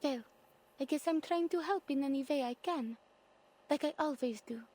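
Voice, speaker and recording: A woman's voice: high-pitched, normal speed, a little mellow, natural voice. A woman playing Katerina, an earnest young acrobat. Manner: earnest, dreamy. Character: young female circus acrobat, earnest and helpful. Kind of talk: game voice acting.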